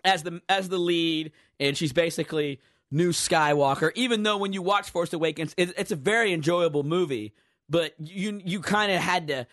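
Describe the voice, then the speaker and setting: A man's voice: fairly high pitch, normal speed, a bit bright, no echo. A man co-hosting a podcast in casual chat, laid-back and wisecracking, talking into a studio microphone. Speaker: podcast co-host.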